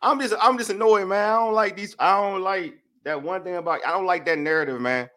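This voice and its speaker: A man's voice: high voice, brisk. Fired-up DC man venting about football. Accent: DC-area American English. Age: young adult. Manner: animated, venting, repeats himself for emphasis. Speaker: sports podcast co-host. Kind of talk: heated casual sports talk.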